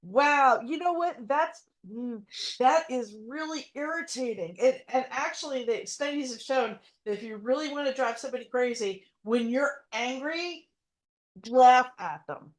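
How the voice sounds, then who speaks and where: High-voiced woman reacting in chat. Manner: reactive, laughing, quick comments. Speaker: co-host. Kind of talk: casual chat.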